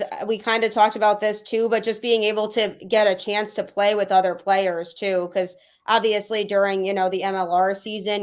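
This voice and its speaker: Woman podcast host, mid-range voice, chatty and upbeat interview style. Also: medium pitch. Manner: chatty, enthusiastic, uses "like" often. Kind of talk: casual interview chat.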